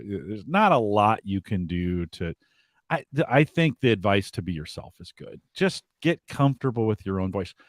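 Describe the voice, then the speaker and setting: A man's voice: fairly low pitch, no room sound, clean studio sound. A man co-hosting a live podcast, giving advice in a reflective, thinking-aloud way. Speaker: podcast co-host.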